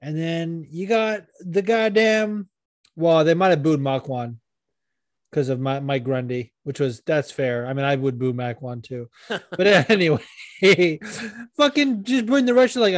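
A man co-hosting a casual podcast, ranting excitedly and swearing freely. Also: a little high, dry recording, clean studio sound. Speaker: podcast co-host. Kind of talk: casual chat.

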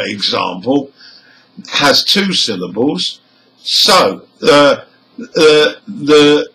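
A man teaching English pronunciation, slowly listing numbered example words and modeling each one clearly. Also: a little high, pushed and bright, rough recording. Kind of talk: slow, deliberate teaching delivery.

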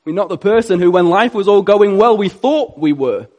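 A male preacher retelling a story in an earnest sermon, swinging between loud passages and hushed ones. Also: high-pitched, expressive, normal speed.

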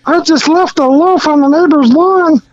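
A man putting on a squeaky Christmas elf. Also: moderate pace, a little mellow, dull audio, slight background noise. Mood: cheery. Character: cheery mischievous young male Christmas elf.

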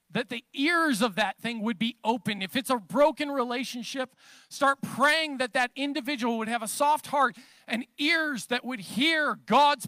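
High, bright-voiced man preaching. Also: no echo. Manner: conversational preaching with emphatic, building declarations. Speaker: pastor. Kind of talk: sermon.

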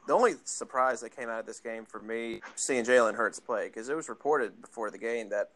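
A young man co-hosting a casual sports chat, explaining things in an easygoing, measured way. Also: medium pitch, a bit bright. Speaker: podcast co-host.

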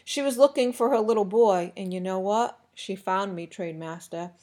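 A woman's voice: mid-range voice, normal speed, mellow, lightly acted. A woman voicing a determined young boy who speaks firmly and defiantly, raising his voice, in an audiobook reading. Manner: firm, defiant, raised voice.

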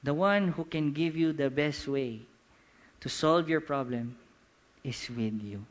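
A middle-aged man with a Filipino accent preaching a sermon, animated and mixing Tagalog with English, slowing to quiet emphasis. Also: a little high. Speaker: pastor.

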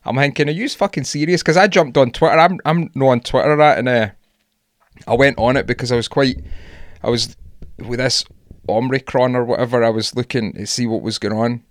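A man's voice: mid-range voice, fairly quick, no room sound, studio quality. A young Scottish man co-hosting a podcast, ranting animatedly in casual sweary chat. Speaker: podcast co-host.

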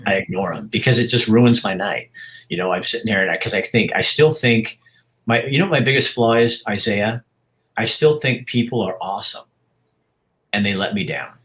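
A man in his sixties being interviewed, talking frankly and reflectively about his life, with halting restarts. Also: on the low side, fairly bright tone, rough recording. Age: 60s. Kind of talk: candid personal interview.

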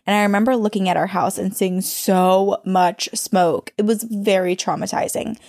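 Woman co-host with a gravelly, dry voice. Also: medium pitch, steady tone, moderate pace, a little mellow, dry recording. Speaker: podcast co-host. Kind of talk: reading a listener's ghost story aloud.

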